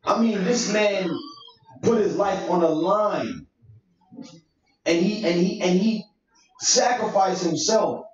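Male elder teacher, high voice, slangy emphatic preaching, dull distant echoey recording. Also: expressive, slow pace, long pauses, slight background noise. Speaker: church elder leading Bible study. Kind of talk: sermon-style Bible teaching. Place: church meeting room. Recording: echoey room, distant mic, dull sound.

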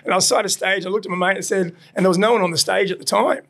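A middle-aged Australian man telling animated stories in a casual chat, swearing and laughing often as he recounts his past. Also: sits high, very fast, creaky. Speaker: podcast guest, burger restaurant owner. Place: his burger restaurant.

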